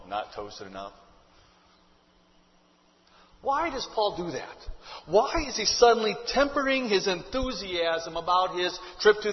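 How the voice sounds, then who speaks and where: A high-voiced male pastor delivers a sermon in a reverberant hall, preaching conversationally and posing rhetorical questions. The audio is dull, with long hall reverb.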